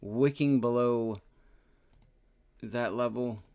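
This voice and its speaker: A man's voice: medium pitch, slow pace, darkish tone, smooth. A man hosting a live day trading stream, thinking aloud over charts and cursing when trades go wrong, with an aching back. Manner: profane, frustrated outbursts. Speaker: day trading livestream host.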